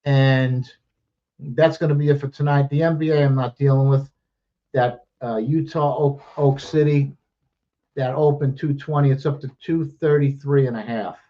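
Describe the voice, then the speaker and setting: Profane, rapid-fire betting host, out of breath. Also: male voice, medium pitch, fairly even intonation, highs cut off. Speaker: sports betting show host. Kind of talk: casual betting picks chat.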